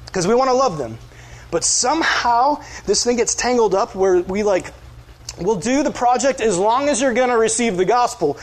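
A male pastor, preaching in an earnest, conversational way and acting out quoted voices. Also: sits high. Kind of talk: sermon.

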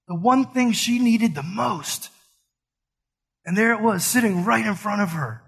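A man's voice: sits high, unhurried, gravelly, husky. A man preaching a sermon in an earnest, conversational way, mixing scripture with casual slang. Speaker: pastor.

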